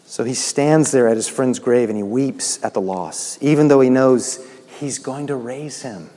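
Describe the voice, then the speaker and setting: A man preaching a sermon as pastor, swinging from loud, lifted lines to quiet, low ones. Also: unhurried. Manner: preaching with sudden loud lifts and quiet drops. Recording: long hall reverb.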